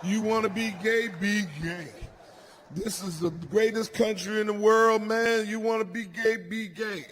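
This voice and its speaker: Brash, high-voiced stand-up comedian man. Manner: loud, brash, swings between growls and shouts. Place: comedy stage with live audience.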